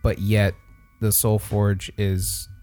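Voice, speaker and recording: A man's voice: on the low side, level tone, slow, dark tone, faint music behind. A man playing a tabletop role-playing game, arguing emphatically in character. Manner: emphatic, argumentative. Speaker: player.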